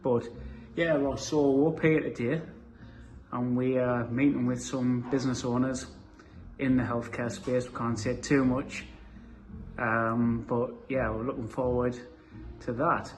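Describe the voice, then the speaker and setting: A man's voice: mid-range voice, level tone, unhurried, soft background music. Chatty man vlogging from his car. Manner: chatty, upbeat, loose with fillers. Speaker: entrepreneur vlogging his business trip. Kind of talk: casual vlog talk to camera. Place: in his car and outdoors on a windy coast. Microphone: camera mic without his clip-on microphone.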